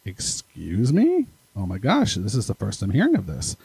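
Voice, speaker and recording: A man's voice: lowish voice, wildly swooping pitch, normal speed, vocal fry, warm tone, slightly rough, rough recording. A man hosting a podcast, chatting casually and reading out listener emails with chatty, self-deprecating asides. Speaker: podcast host.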